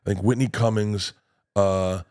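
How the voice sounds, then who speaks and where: A male comedian guest telling a profane, animated story on a podcast. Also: lowish voice. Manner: animated, swearing, quick storytelling with restarts.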